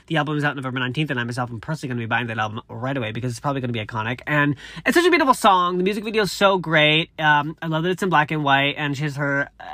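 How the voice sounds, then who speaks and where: Lively, bright-voiced chatty news vlogger. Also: medium pitch, racing, few pauses, no echo, clean studio sound. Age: 30s. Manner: chatty and gushing, with frequent fillers and side comments. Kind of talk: casual reading of celebrity news with asides.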